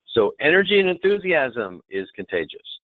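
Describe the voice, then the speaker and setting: A man presenting a hospitality training webinar, demonstrative and lively, often checking in with the audience. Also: fairly high pitch, moderate pace, no room sound. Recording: tinny phone-like webinar audio.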